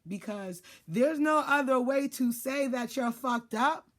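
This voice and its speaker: A woman's voice: high voice, measured pace, a bit bright. A woman giving casual life advice in a blunt, profane monologue, acting out what people say. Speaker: life and spiritual advisor.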